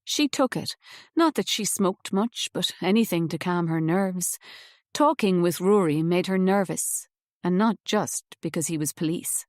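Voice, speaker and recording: Reading from a script, this woman narrates an audiobook at a steady, even storyteller's pace. Her voice is on the low side, captured dry and close in a studio without any echo.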